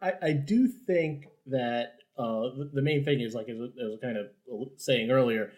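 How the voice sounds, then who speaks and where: A man's voice: mid-range voice, normal speed, a little mellow. A man co-hosting a podcast, chatting about politics with a sarcastic, profane, joking manner. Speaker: podcast co-host. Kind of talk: casual political chat.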